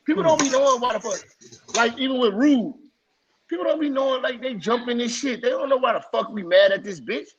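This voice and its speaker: A man's voice: extremely high pitch, animated, fairly quick, highs cut off. A man in casual live-stream chat, talking heatedly and profanely with many fillers.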